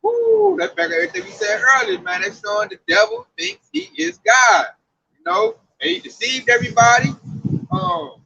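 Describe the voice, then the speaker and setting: A man preaching in loose, excitable chat, riffing and exclaiming between scripture readings. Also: extremely high pitch, moderate pace, creaky, lo-fi sound. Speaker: street preacher.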